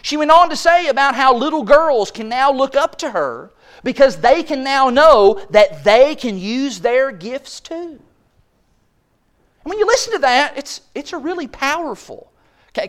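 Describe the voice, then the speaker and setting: A man's voice: very high voice, lively intonation, unhurried, a bit bright. Man preaching a sermon from the pulpit. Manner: rhetorical, with mock quoted asides. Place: church sanctuary. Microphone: pulpit microphone.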